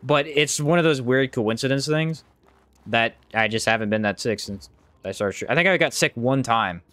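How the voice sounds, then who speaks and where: Here a man chats loosely with his audience during a live game stream, reading out chat and reacting to gameplay, his voice leaping higher whenever he's caught off guard. He speaks at a moderate pace in a slightly bright voice, and the recording is dry.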